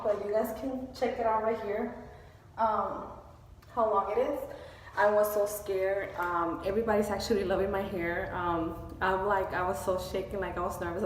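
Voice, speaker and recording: A woman's voice: medium pitch, a little mellow, a little hiss or hum. Gushing woman vlogging from work. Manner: emotional, gushing, many fillers. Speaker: beauty vlogger. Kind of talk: casual vlog update. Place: at her workplace in a store. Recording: echoey, distant, faint store ambience.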